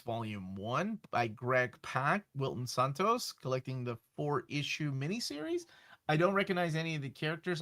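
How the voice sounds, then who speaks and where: An excitable man hosts a relaxed chat about upcoming comic releases. His voice is bright and ringing, and he bursts into loud exclamations when something thrills him. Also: mid-range voice. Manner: enthusiastic, exclaims. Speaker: show host.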